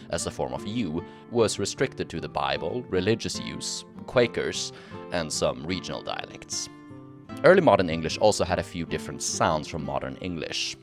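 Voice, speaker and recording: A man with a very low voice explains history in steady, scripted narration. He slips into relaxed, chatty asides. Clear guitar music plays behind him. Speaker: history channel host. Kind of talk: scripted history narration mixed with casual on-camera chat.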